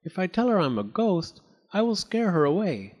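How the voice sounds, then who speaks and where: A shy, kindly ghost who stumbles and hesitates over his words, as a man reading a storybook puts him on. His voice moves with a lively pitch. He is a timid, gentle friend. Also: moderate pace. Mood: worried. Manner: hesitant, stammering.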